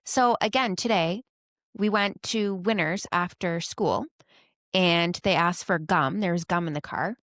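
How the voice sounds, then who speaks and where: A woman in her thirties, a mother co-hosting a casual podcast chat, telling family stories in a lively way and laughing often. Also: lowish voice, unhurried, no room sound, clean studio sound. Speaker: podcast co-host.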